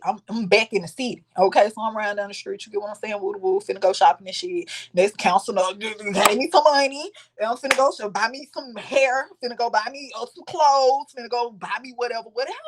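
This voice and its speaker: Animated, profane woman telling a story. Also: mid-range voice, slightly rough. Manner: animated, profane, dramatic quoting of others. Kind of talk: casual storytime.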